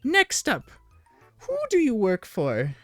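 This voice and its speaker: A woman's voice: medium pitch, huge pitch swings, slow pace, dry recording, faint music behind, pitched above the performer's own voice. A woman voicing a fussy, prim woman wagon merchant who haggles with polite, overly careful questions. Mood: chirpy.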